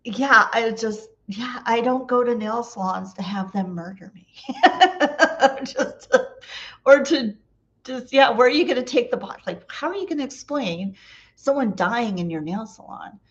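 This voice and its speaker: A woman's voice: on the high side, lively intonation, measured pace, muffled recording. A woman vlogger telling funny stories in a chatty way, laughing often and acting out the dialogue. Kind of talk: casual storytelling.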